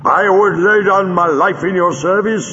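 A man's voice: high-pitched, a little slow, pushed and bright, long reverb tail, highs cut off, pitched above the performer's own voice. A man voicing a servile male henchman who pleads with his master. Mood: pleading. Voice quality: pleading, submissive.

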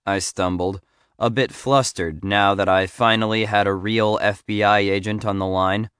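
A man reads a first-person memoir aloud in a measured, storytelling manner. His voice is low and smooth and resonant, recorded close on a dry studio mic. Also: steady tone, fairly bright tone, no room sound. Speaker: audiobook narrator.

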